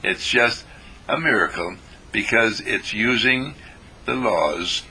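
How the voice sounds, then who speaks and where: A man telling a spiritual story in a rambling way, pausing and repeating words. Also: on the low side, expressive, bright, forceful tone, slightly rough, rough recording.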